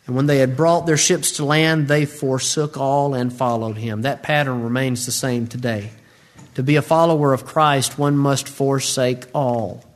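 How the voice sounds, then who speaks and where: A man preaching a sermon, acting out the voices of Bible figures with big swings in pitch. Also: fairly even intonation, a little slow.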